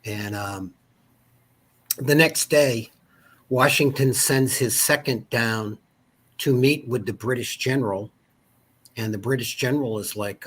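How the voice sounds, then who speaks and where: A man's voice: mid-range voice, measured pace, long pauses, a bit bright, husky. A man in his fifties with a Boston accent, a guest telling a rambling, digressive history story in casual conversation. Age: 50s.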